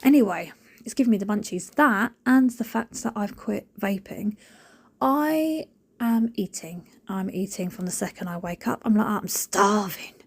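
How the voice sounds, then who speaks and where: A woman, rambling in a jokey, animated way as she talks over her cleaning video. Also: medium pitch, moderate pace, slightly rough. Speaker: cleaning vlogger. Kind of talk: chatty voiceover.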